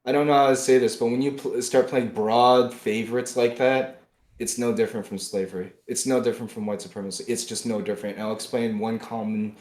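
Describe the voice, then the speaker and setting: Angry podcast man ranting in a roomy echo. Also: medium pitch. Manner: angry, swings between loud bursts and muttering, restarts often. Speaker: podcast co-host. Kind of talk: heated political podcast rant.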